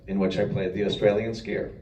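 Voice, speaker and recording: A man's voice: on the low side, flat delivery, a little fast, darkish tone. A man on a convention panel telling rambling, self-deprecating stories about his voice work, often chuckling as he talks. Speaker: voice actor panelist. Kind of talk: anecdotal panel talk. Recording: echoey hall recorded from far off with noise.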